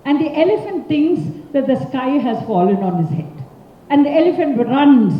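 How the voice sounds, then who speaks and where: A woman with an Indian English accent who tells a story to a large audience in an expressive, interactive way and prompts them for answers. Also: sits high, unhurried. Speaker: professional storyteller, speaker. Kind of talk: interactive oral storytelling talk. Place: large conference hall. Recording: echoey hall from far off, dull sound.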